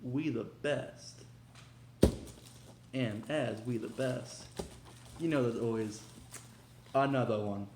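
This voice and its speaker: A young man hosting a casual unboxing vlog, talking in an excitable, slangy, hyped way. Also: medium pitch, slow, long pauses, very noisy. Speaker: vlogger. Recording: echoey room.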